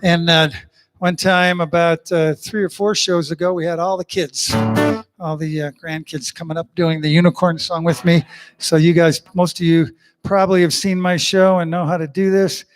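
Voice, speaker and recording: A folksy, rambling man talking between songs at a living room concert, voice sitting a little high for a man. He wanders through stories with lots of ums and asides. A guitar is heard clearly behind him. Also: flat delivery, moderate pace. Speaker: singer-songwriter hosting an online concert. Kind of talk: casual chat between songs.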